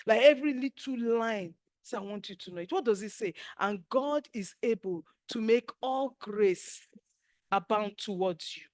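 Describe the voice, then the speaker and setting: A middle-aged woman with a Nigerian accent teaches a spiritual class, her voice pitched high. She is emphatic and animated, acting out each quote as she goes. The sound is dry and close. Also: moderate pace, dry recording.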